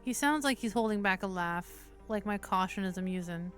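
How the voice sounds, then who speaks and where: A woman streamer hosts a session reading a visual novel aloud, her voice medium in pitch and her speed normal. Faint music plays behind her. Her steady narration keeps getting broken up by casual asides full of swearing.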